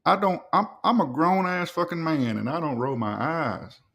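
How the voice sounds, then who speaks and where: A man with a gravelly, slightly high voice reacts to videos, swearing freely and mocking what he hears. His pitch swings wildly as he riffs and repeats lines for laughs. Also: lively intonation, moderate pace, fairly bright tone. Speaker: podcast host reacting to videos. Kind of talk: profane reaction commentary.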